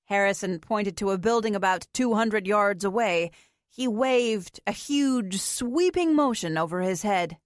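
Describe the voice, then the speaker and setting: A woman narrates an audiobook in a measured, even read. Her voice sits at a middle pitch. The recording is dry with no room sound. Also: no room sound. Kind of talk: scripted narration.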